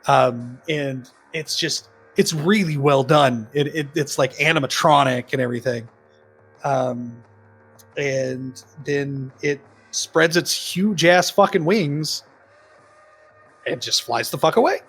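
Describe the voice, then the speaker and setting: Husky-voiced man recapping a movie. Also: on the high side, slow, fairly bright tone, soft background music. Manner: rambling retelling with frequent ums and laughs. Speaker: podcast co-host. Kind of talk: casual film-review chat.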